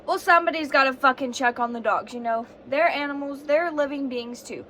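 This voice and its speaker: A woman's voice: sits high, fairly quick, bright, forceful tone, slight background noise. A young woman telling a story in a casual vlog, sick with a fever and sore throat, ranting dramatically and swearing a lot. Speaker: vlogger.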